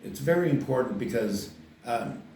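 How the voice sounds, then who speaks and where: A man's voice: mid-range voice, animated, normal speed, a little mellow, slight background noise. An older man from Canada, an author talking casually to camera about his book, rambling with many fillers and restarts. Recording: roomy echo, distant mic.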